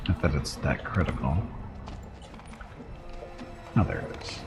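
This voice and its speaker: A man's voice: very deep voice, unhurried, over music. A man with a Southern Californian accent giving rambling, self-deprecating commentary while live-streaming a game. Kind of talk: casual live gameplay commentary. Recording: noisy background.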